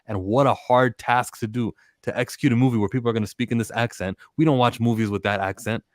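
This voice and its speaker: A man's voice: mid-range voice, quick pace, no room sound, studio quality. A man talking casually and with energy about a film, often acting out lines from its scenes. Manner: animated, acts out quotes from scenes. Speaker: podcast guest. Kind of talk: casual movie discussion.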